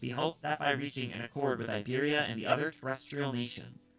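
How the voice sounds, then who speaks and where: A man voicing a charismatic female alien consul who speaks through a drone, in a measured, formal diplomatic manner. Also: medium pitch, fairly even intonation, vocal fry, over loud music, natural voice, poor audio. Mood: formal, courteous.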